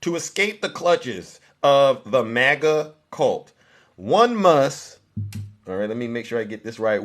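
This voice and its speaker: Man hosting a sarcastic live-stream commentary. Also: on the high side. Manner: mock-solemn reading broken up by sarcastic, teasing asides to viewers. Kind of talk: live political commentary, reading a prepared text with ad-libbed asides.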